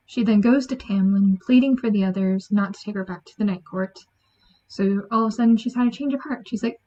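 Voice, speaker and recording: Woman, chatty book review, mellow tone, slightly high, dull lo-fi sound. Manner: chatty, animated, acts out quotes.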